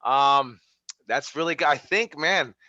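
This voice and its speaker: Man, wrestling coach, video call, bright fairly high voice, rambling with fillers, dry dull lo-fi audio. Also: a little slow, no room sound. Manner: rambling, many fillers and restarts. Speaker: wrestling instructor. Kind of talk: class feedback over video call.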